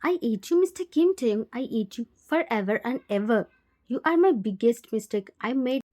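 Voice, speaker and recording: A woman's voice: fairly high pitch, expressive, normal speed, dark tone, lightly acted. A woman voicing a heartbroken young girl. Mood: angry. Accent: Indian English. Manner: hurt, accusing. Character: heartbroken twenty-year-old girl.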